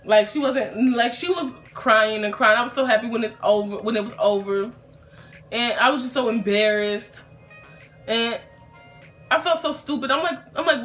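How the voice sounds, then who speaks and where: A woman's voice: medium pitch, moderate pace, fairly bright tone, faint music behind. A young woman telling a casual storytime vlog in a chatty, rambling way, full of fillers and restarts.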